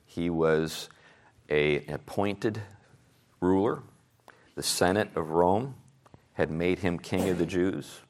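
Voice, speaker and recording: A man teaching a Sunday school class, animated, asking his listeners rhetorical questions and chuckling at his own jokes. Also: deep voice, slow pace, long pauses.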